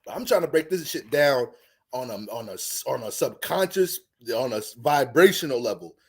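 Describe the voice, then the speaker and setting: A man's voice: mid-range voice, moderate pace, slightly rough. A man who hosts an astrology channel, talking in a casual, profane, rambling monologue. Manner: profane, animated, rambling, restarts often. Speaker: astrology content creator.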